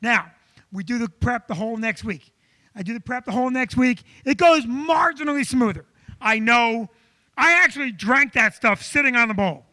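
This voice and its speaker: A male comic hosting a live comedy club show spins an animated story at his own expense, speaking at a moderate pace in a very high-pitched voice.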